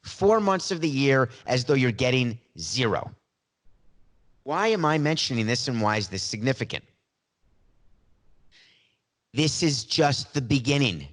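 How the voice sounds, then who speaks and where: A man's voice: mid-range voice, sing-song, moderate pace, fairly bright tone. A man hosting a solo podcast monologue, emphatic and opinionated, with self-deprecating asides, on a studio mic. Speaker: podcast host.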